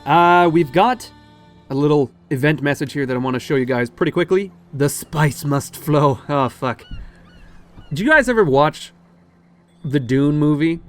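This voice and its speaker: A man's voice: a little high, animated, moderate pace, long pauses, soft background music. A man hosting a strategy game let's play, talking casually, digressing and swearing now and then. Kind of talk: casual gameplay commentary.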